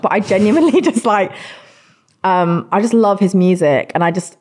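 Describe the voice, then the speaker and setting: A woman's voice: medium pitch, lively intonation, moderate pace. A woman singer chatting as a podcast guest, giggly and rambling with many restarts. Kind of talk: casual chat interview.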